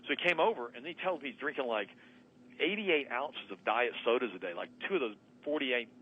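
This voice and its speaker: A man's voice: medium pitch, lively intonation, a little fast, phone-quality sound. A man, a doctor and guest on a talk radio show, telling a story in an emphatic way and acting out both sides of a conversation. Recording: radio broadcast.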